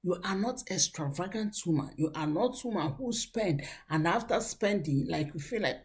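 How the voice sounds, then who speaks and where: A woman's voice: low-pitched, expressive, normal speed, darkish tone. A woman giving earnest, preachy relationship advice to young women, acting out the people she quotes. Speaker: relationship coach. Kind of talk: motivational advice talk.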